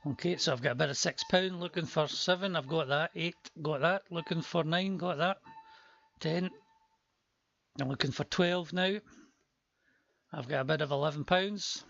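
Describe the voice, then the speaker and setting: A man's voice: fairly high pitch, normal speed, vocal fry, pauses often, fairly bright tone, muffled recording. A man calling a live auction stream, chatty with joking asides, his voice worn from a long day before.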